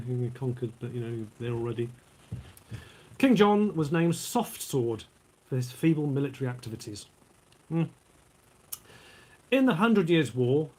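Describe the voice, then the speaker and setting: Chatty husky man reading trivia. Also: medium pitch, a little mellow, low-quality recording. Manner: chatty, rambling asides while eating and drinking. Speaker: vlogger. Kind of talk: casual vlog reading trivia.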